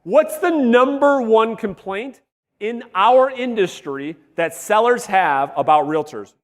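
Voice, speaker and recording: Guy running a sales workshop, high voice, blunt and swears a lot, long hall echo. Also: slow. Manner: energetic, blunt, swears, quizzes the audience. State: voice wearing out. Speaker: real estate sales coach. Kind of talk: live workshop teaching to a room. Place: large room with live audience.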